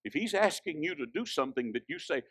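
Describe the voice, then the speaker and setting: A man preaching a sermon, swinging from hushed, drawn-out lines to loud, high exhortation. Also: animated, dry recording, studio quality.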